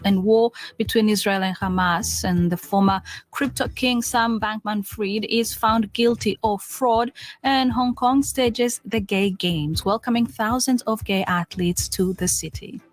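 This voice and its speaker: A woman presenting a radio news programme in a crisp, formal way. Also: medium pitch.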